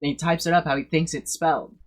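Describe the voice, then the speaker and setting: A man streaming and reacting casually, swearing and breaking into loud excited bursts. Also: on the high side, fast.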